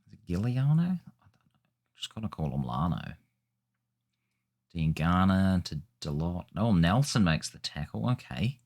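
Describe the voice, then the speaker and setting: Low-voiced man rambling over gameplay. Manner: chatty, rambling, self-correcting. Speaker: gaming video host. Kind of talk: casual gameplay commentary.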